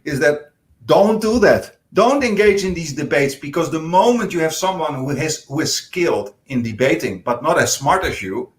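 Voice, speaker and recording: A man's voice: on the high side, lively intonation, moderate pace. A male panel guest in a political discussion, explaining his points earnestly with many hesitant restarts. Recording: echoey room.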